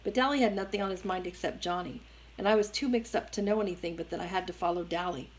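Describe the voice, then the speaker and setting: A woman reading a novel aloud with a low-pitched voice and a steady, even delivery. She tells the story in first person, measured and plain. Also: low-quality recording. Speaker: reader.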